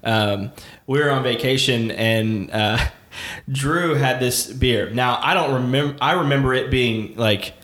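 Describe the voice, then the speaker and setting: A man's voice: medium pitch, unhurried, a bit bright. Easygoing male co-host who laughs often and agrees; echoey room sound. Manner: laughs easily, agreeable, chimes in. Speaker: podcast co-host. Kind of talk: casual chat. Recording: roomy echo.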